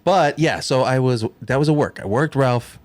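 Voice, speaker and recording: A man's voice: mid-range voice, normal speed, no echo. A young man ranting on his livestream, sarcastic and mocking, swearing a lot and mimicking people in sneering voices.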